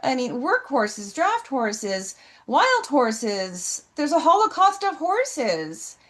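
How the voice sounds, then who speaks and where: Earnest woman, high slow voice. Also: big pitch swings, fairly bright tone. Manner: earnest, emotional, slow and halting. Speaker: guest, horse healer. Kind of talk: heartfelt interview answers. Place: ranch.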